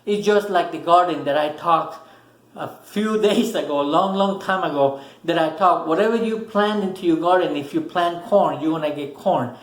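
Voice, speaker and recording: A man's voice: a little high, moderate pace, roomy sound, poor audio. A man giving a casual, earnest motivational talk to camera, repeating words for emphasis. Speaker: motivational vlogger.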